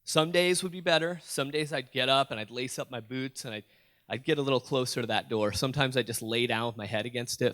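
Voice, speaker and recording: Animated man telling a story onstage. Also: medium pitch, a little fast. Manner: animated, addresses the audience with questions and jokes. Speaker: motivational youth speaker. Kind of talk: storytelling keynote speech. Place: school auditorium.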